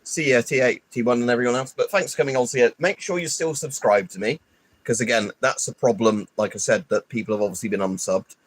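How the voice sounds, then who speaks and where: A man's voice: medium pitch, quick pace, husky, no echo. A man, hosting a livestream and chatting casually with fillers as he signs off. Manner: rambling, filler-heavy, easygoing. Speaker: livestream host.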